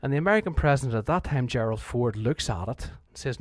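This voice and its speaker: Speaking fast and expressively at medium pitch with few pauses, a Northern Irish man teaches history in a chatty revision lecture. He frequently restarts his sentences and performs quotations, in a dry recording.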